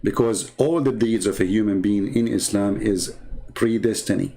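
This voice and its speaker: A man's voice: on the low side, normal speed, creaky, warm tone. A man hosting an online commentary show, speaking in a mocking, argumentative way. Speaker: host.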